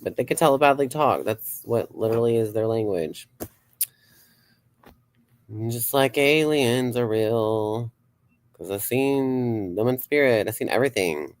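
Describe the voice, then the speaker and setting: A man's voice: medium pitch, measured pace. A man hosting a casual livestream as a psychic, rambling and swearing freely, laughing often and reading viewer comments aloud. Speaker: psychic streamer host.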